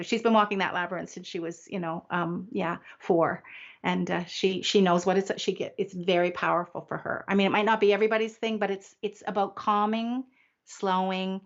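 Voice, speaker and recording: An older woman from Canada, a guest in a conversational interview, speaking reflectively with frequent restarts and soft laughs. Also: medium pitch, level tone, dull audio. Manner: reflective, halting, often restarts and laughs softly.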